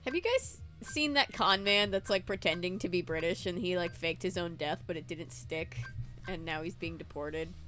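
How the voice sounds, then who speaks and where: A woman's voice: fairly low pitch, moderate pace, sharp tone, faint music behind. A woman hosting a casual game stream, playful and giggly as she teases her guest. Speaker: host. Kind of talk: casual chat while gaming.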